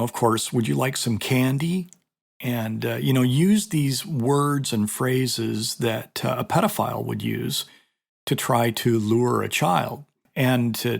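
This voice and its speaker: Chatting informally, this middle-aged man, who teaches martial arts, works through a story with plenty of filler words. His voice sits at medium pitch and sounds creaky.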